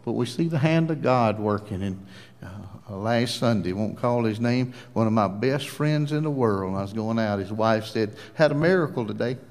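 A man's voice: on the low side, animated, moderate pace, a little mellow. Folksy preacher man, echoing reverb. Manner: folksy, repeats phrases, quoting dialogue. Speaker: pastor. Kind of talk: sermon with altar call and prayer. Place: outdoor beachside service.

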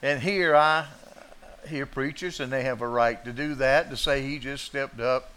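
A man preaching a sermon in a dramatic way, moving from hushed asides to loud declarations. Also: mid-range voice, unhurried, slight background noise.

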